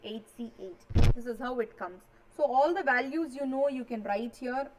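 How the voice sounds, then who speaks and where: Woman teaching maths, fairly high voice, works through each step and keeps asking if ur clear, slight hiss behind. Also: normal speed. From India. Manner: explains step by step, checks in with students. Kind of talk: exam revision lecture.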